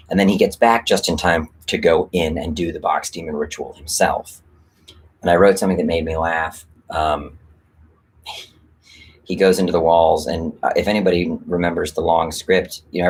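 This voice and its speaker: A man's voice: low-pitched, fairly even intonation, normal speed, breathy edge. A man hosting a live stream and talking casually about rewriting a script, rambling and candid, with lots of fillers and casual swearing. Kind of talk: casual livestream chat.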